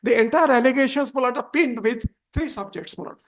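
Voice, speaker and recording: Halting, deferential advocate. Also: male voice, extremely high pitch, a bit bright, slight background noise. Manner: halting, deferential, constantly repeats "my lords". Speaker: advocate arguing before a judge. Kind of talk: courtroom argument.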